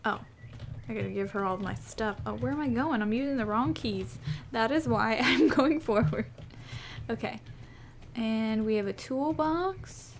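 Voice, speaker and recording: Une jeune vidéaste au timbre haut perché qui commente son jeu sur un ton emballé. Elle s'exclame et s'attendrit sans cesse devant les animaux à l'écran. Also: female voice, a little high, a little slow, slight background noise. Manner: gushing, squealing over cute animals. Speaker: gaming YouTuber. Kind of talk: excited gameplay commentary.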